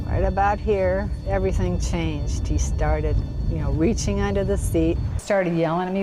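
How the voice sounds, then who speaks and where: A woman's voice: lowish voice, fairly even intonation, moderate pace, over music. An older woman interviewed for a news story, vividly retelling a personal ordeal and acting out what was said to her. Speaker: interviewee, survivor. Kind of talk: emotional personal recollection.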